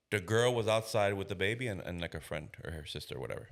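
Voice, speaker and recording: A man's voice: sits low, fast talker, hardly any pauses. A man in his thirties, a police officer, telling a story on a podcast in casual slang and acting out the voices of the people in it. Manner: animated storyteller who acts out quoted voices.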